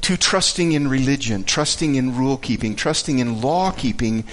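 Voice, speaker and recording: A man teaching a Bible passage in a conversational way, earnest and halting, often repeating words as he searches for them. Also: mid-range voice, expressive.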